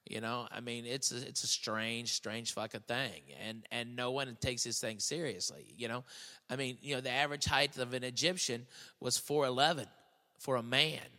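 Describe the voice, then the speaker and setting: A man's voice: mid-range voice, fairly even intonation, normal speed, pushed and bright, big-room sound. A man hosting a show in casual chat, blunt and profane, rambling and restarting his sentences. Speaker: podcast host.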